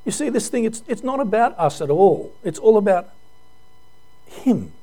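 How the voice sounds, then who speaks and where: A man's voice: high-pitched, very animated, moderate pace, warm tone. A male pastor giving an earnest, emotional sermon full of rhetorical questions.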